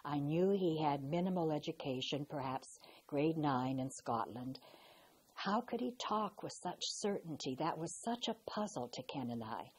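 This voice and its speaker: An older woman recalling her past in a slow, reflective way, pausing and restarting as she tells her story. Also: sits low, lively intonation, darkish tone, a little hiss or hum, low-quality recording. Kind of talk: personal recollection.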